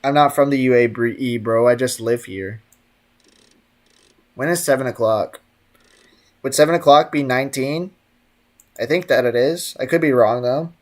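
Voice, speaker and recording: A man's voice: mid-range voice, normal speed, long pauses, darkish tone. A man streaming a game, chatting casually and jokingly, reading messages from his chat aloud.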